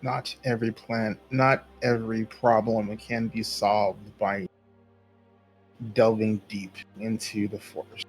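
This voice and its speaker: A man voicing a blunt, stubborn young Jedi apprentice in a slow, measured way. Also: lowish voice, little pitch movement, faint music behind, poor audio.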